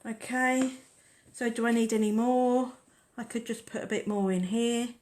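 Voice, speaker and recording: A woman's voice: a little high, steady tone, moderate pace, darkish tone. Chatty woman teaching nail art. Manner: chatty, rambling, talks while working. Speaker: nail artist hosting a tutorial. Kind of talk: casual live nail-art tutorial.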